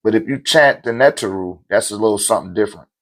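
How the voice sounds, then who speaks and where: A man's voice: fairly low pitch, fast talker. A man hosting a live stream, explaining spiritual ideas to viewers in loose, casual talk, often asking "right?" and chanting lists of names with rising energy. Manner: loose, conversational, with rhetorical check-ins; chants lists of names rhythmically, growing animated. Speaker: livestream host answering viewer questions on spirituality. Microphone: streaming mic.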